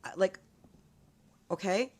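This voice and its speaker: A woman's voice: mid-range voice, takes it slowly. A woman in a casual vlog, telling a long story in an emphatic, accusatory way, often repeating her points. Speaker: vlogger.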